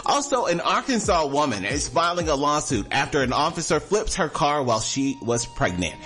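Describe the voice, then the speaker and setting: A lively man hosting a radio talk show, his pitch swinging high and low as he riffs and repeats himself for emphasis. He sits fairly high for a man and keeps the tone loose and conversational. Faint music plays under him at the studio mic. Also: moderate pace. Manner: animated, emphatic, repeats phrases. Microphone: studio microphone.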